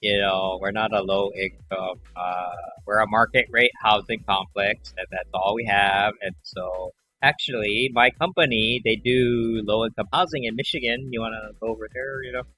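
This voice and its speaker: Male streamer, lowish bright voice, rambling casual chat, faint music underneath. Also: normal speed, hardly any pauses. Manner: rambling, acts out callers in animated voices. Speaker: livestream host.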